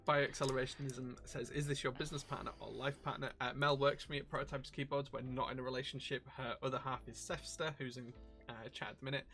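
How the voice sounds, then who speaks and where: A man's voice: mid-range voice, little pitch movement, fast, a bit bright, faint music behind. A man running a livestream, joking with his co-host and reading out chat comments. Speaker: streamer and keyboard shop owner.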